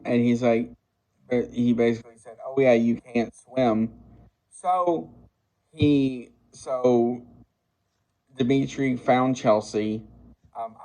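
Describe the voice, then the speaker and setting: A man in his sixties casually recapping a movie plot, halting often with fillers and restarts. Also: medium pitch, mellow, poor audio. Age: 60s. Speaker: movie reviewer.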